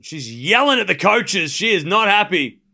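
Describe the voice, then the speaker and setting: A man hosting a live tennis watchalong, giving informal play-by-play that rises to excited shouts on big points. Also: high-pitched, normal speed, creaky. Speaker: host calling a live watchalong stream.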